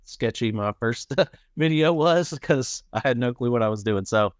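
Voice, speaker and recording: A man hosting a casual podcast, with a smooth, resonant voice in a dry, close sound. He is relaxed, laughs often and leaves many fillers between thoughts. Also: medium pitch, normal speed, no echo. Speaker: podcast host. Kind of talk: casual chat.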